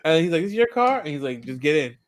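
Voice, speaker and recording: A man's voice: a little high, quick pace. A man co-hosting a podcast, animatedly retelling a TV episode in casual chat and acting out characters' lines. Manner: animated storytelling, acts out lines. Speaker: podcast co-host.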